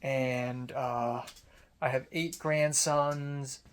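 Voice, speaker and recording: A man doing a halting old woman with Cantonese-accented English. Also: medium pitch, fairly even intonation, clear, resonant tone. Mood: chatty. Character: elderly woman, frail, friendly, chatty.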